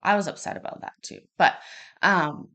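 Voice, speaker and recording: Chatty woman in her thirties, lowish voice. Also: normal speed. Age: 30s. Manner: chatty and rambling, with many restarts; acts out quoted lines with sudden bursts of loudness. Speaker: podcast host. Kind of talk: casual personal storytelling.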